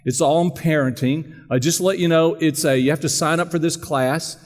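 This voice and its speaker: Easygoing pastor, halting speech. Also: male voice, a little high. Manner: relaxed, halting with fillers. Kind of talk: church service announcements and interview. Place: large church sanctuary. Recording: long church reverb.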